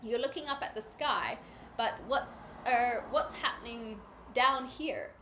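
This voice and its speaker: A woman's voice: on the high side, unhurried, bright, forceful tone, a little hiss or hum. A woman from New Zealand with a New Zealand accent, casually chatting on a livestream and answering her chat, meandering with dry sarcasm. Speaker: streamer.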